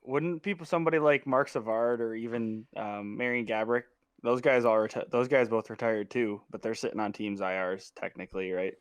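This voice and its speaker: A young man talks quickly on a casual podcast and keeps asking questions. His recording is dry and close. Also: medium pitch, fairly even intonation, clear, resonant tone, no echo. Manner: quick, asks lots of questions. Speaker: podcast co-host. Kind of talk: casual chat.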